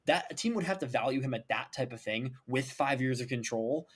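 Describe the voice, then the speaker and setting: A young man co-hosting a casual sports podcast, emphatic and animated, leaning on "like" and "right?". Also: medium pitch, brisk, slight background noise. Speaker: podcast co-host.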